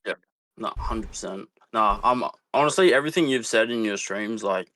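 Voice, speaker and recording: A relaxed Australian man calls in and chats casually, scattering 'like' through his talk. His voice sits a little low but has a bright edge. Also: normal speed, poor audio. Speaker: caller. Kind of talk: casual chat.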